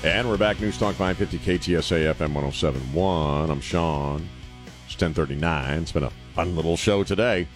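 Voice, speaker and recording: A man's voice: deep voice, moderate pace, faint music behind. A man hosting a talk radio show, ranting bluntly and sarcastically.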